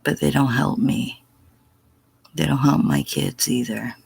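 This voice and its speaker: A woman's voice: rumbling low, a little slow, darkish tone, dry recording. A middle-aged woman on a casual livestream answering chat, blunt and profane, sometimes dropping to a whisper. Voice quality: gravelly, husky.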